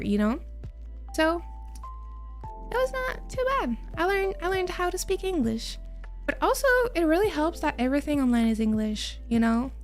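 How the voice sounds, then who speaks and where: A young woman from Quebec, a native French speaker with a mild Quebec French accent, chatting casually with her stream viewers and laughing often. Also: on the high side. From Quebec, Canada.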